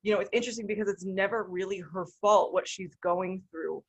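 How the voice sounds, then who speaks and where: Animated woman discussing a film. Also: medium pitch, fairly quick, breathy edge, dull audio. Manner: animated, talks through ideas with many fillers. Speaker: podcast co-host.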